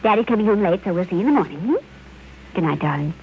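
An actress playing a gentle, flustered mother in an old radio drama, soothing and a little hesitant. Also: on the low side, expressive, racing. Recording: dull, hissy old radio recording.

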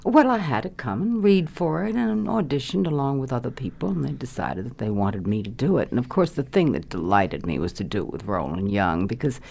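An older woman with a low voice recalls her radio career in an interview. Her pitch rises and falls freely as she spins anecdotes, and she talks in a chatty, laughing way. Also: very animated, brisk, vocal fry, hardly any pauses, darkish tone. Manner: chatty storyteller, laughs often. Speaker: guest, former radio actress. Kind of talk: reminiscing interview.

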